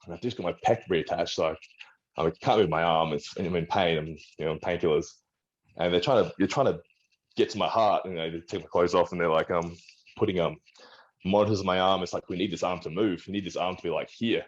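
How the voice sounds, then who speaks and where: He has a deep voice and talks fairly quickly, captured on audio with the highs cut off. An Australian strongman and personal trainer, he's the guest in a casual interview, rambling, restarting, and voicing the doctors in his story.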